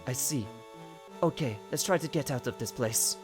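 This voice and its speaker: A man's voice: mid-range voice, moderate pace, faint music behind, voice pushed down, natural voice. A man voicing an earnest young male vampire hunter, speaking in an exaggerated put-on French accent.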